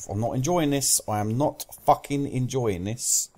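A man's voice: medium pitch, expressive, measured pace, pauses often, mellow. A young British man commentating his own gameplay, swearing constantly and raging at other players. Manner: swears constantly, rages at teammates and enemies. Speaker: gaming commentator.

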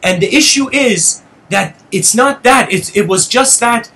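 A man hosting his channel, telling a personal story in an animated monologue, addressing listeners as "guys" and getting heated and intense. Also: very high-pitched, unhurried. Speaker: channel host giving a lecture.

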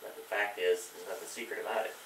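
A man's voice: low-pitched, steady tone, fast, fairly bright tone. A man teaching a church Bible class, with lots of fillers and restarts. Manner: rambling, many fillers and restarts. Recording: echoey room, mic far off, faint hiss.

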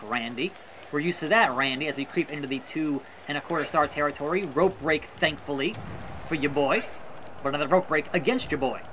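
A gaming YouTuber gives casual commentary on a wrestling match, calling it in mock play-by-play style with sarcastic asides. His voice is a little high and a bit bright, with some hiss or hum and faint music in the background.

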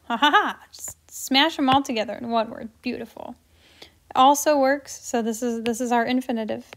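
A woman teaching a grammar lesson in an upbeat, playful way, dropping to soft asides while she writes. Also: a little high. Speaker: Spanish teacher.

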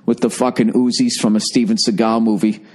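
A man's voice: lowish voice, little pitch movement, brisk, darkish tone, slightly rough. A man hosting a podcast, telling a profane, self-deprecating story in a casual rambling monologue. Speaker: podcast host. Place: Chicago.

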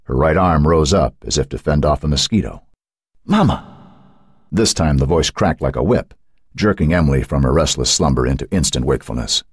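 A man narrating an audiobook with an expressive reading. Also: very deep voice, brisk, husky, no echo, clean studio sound. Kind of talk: scripted narration.

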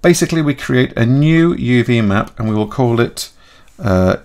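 A man talking through a software tutorial in a chatty way, thinking aloud and correcting himself as he goes. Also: medium pitch, expressive, normal speed. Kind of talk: screen-recorded software tutorial.

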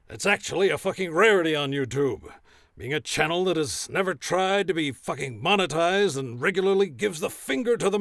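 A man voicing a blustering profane arena announcer, gravelly, lively pitch, dry close sound. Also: no echo, exaggerated voice. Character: gruff hard-drinking male arena announcer, profane and cocky. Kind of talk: comedy sketch of a commercial recording.

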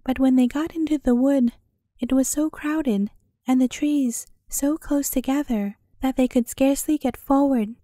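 High, mellow-voiced woman storyteller. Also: fairly even intonation, unhurried, dry recording, studio quality. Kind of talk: bedtime storybook narration.

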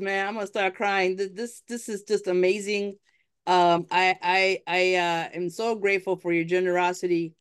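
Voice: medium pitch, a bit bright, smooth. Upbeat host coaxing donations. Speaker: event host and fundraiser emcee. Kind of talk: live fundraising appeal.

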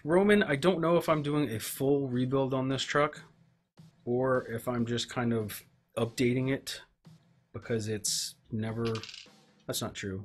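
A man's voice: medium pitch, a bit bright, husky. A man hosting a casual live stream, rambling and joking with himself as he works at his workbench. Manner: rambling, self-mocking, talks to himself while tinkering. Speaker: livestream host. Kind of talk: casual live-stream chat while working. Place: home workbench.

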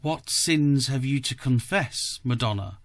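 A courteous young nobleman answers deferentially and with care, read by a man. His speech is slow and measured. The recording is dry and close. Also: mid-range voice, expressive, no room sound.

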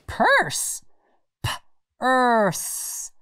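A woman's voice: medium pitch, sing-song, drawn-out words, no echo, clean studio sound. A woman voicing a cheerful, playful dog in a children's educational show, bubbly and giggly. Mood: excited.

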